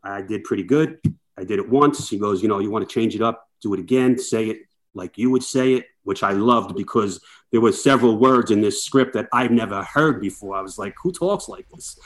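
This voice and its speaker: A man's voice: on the low side, brisk. Storytelling middle-aged firefighter man. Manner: lively anecdotes, acts out quoted dialogue. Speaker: guest, firefighter. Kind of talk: casual storytelling chat.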